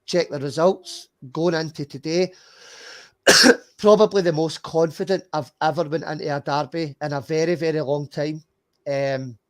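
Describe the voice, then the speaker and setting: A Scottish man on a fan podcast, giving his football opinions bluntly and with swearing. His voice sits a touch high for a man. He repeats words as he builds his point. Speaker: podcast host. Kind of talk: casual football chat.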